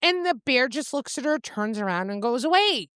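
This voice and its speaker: A woman's voice: high voice, normal speed, smooth, dry recording, clean studio sound. A woman co-hosting a casual book chat podcast, retelling the plot with acted-out lines and frequent laughs. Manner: animated storyteller, acts out lines, laughs often. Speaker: podcast co-host.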